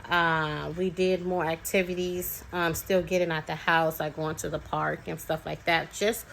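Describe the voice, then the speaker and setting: A young woman speaks as a parent in a relaxed, chatty storytelling way, full of ums and restarts. Her voice sits on the lower side for a woman. A faint background hum lies under it. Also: measured pace, creaky, poor audio. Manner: chatty, with many fillers and restarts. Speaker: parent sharing experience. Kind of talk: casual storytelling to camera.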